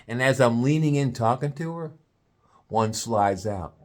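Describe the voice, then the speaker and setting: A man telling a comic story in a drawn-out, playful way. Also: mid-range voice. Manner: animated, drawn-out comic buildup.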